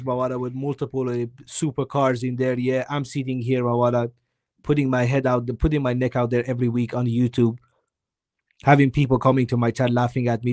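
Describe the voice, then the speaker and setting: A man's voice: medium pitch, a little mellow, no echo, clean studio sound. A man giving a heated football opinion on a live stream, weary and emphatic, repeating himself for stress. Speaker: guest co-host.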